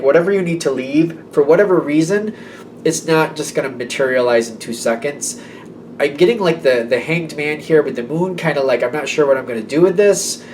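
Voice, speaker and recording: A man's voice: a little high, a little mellow, a little hiss or hum, poor audio. A man giving a casual tarot reading, rambling and correcting himself, often speaking the listener's imagined thoughts aloud. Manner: rambling, self-correcting, voices clients' thoughts. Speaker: tarot reader.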